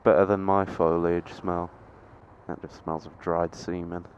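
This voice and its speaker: Unhurried and low-voiced, this nineteen-year-old chats to the camera while riding a motorbike through town traffic. His casual running commentary is sweary and self-mocking, punctuated by sudden excited yelps. A helmet-mounted action camera records dull lo-fi audio outdoors, thick with wind, traffic and engine noise.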